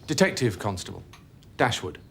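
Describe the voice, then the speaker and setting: A courteous detective constable who questions people politely but persistently. His pitch moves around a lot, and a faint hiss sits under the old recording. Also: lively intonation, normal speed, vocal fry. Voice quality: courteous, formal, probing.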